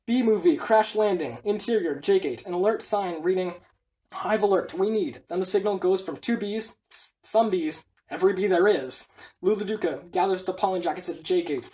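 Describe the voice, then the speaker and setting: Brief: woman reading a script aloud, brisk and matter-of-fact, stage directions and all. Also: mid-range voice, warm tone.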